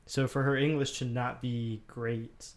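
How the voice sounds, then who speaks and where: A man's voice: mid-range voice, level tone, measured pace. A man co-hosting a casual podcast chat, dropping dry, wry quips. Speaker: podcast co-host.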